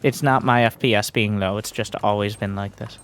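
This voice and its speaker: A man's voice: fairly low pitch, steady tone, a little fast, a bit bright, clean tone. Blunt, foul-mouthed male game coach. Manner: blunt, profane, sarcastic.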